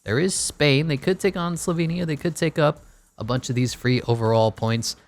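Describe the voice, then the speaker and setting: A man's voice: a little high, moderate pace. A man giving casual play-by-play commentary over a basketball video game, with wry joking asides. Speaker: gaming YouTuber.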